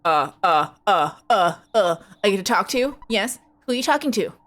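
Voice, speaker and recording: A woman streamer chatting casually with her viewers while playing a game, giggly and excitable, squealing when she greets people. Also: medium pitch, normal speed. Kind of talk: casual livestream chat with viewers.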